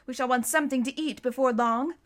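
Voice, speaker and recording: A woman's voice: high voice, fairly quick, lightly acted. A woman voicing a sensible, practical older schoolgirl in an audiobook reading.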